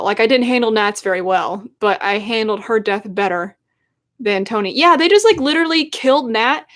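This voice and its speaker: A young adult woman who is a YouTuber, chatting casually and emotionally on a live stream in a rambling way. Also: medium pitch. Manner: emotional, rambling fan talk.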